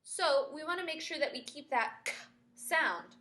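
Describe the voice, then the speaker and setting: A woman's voice: high voice, animated, normal speed, sharp tone, slight background noise. A woman teaching a Spanish grammar lesson who patiently spells words out letter by letter.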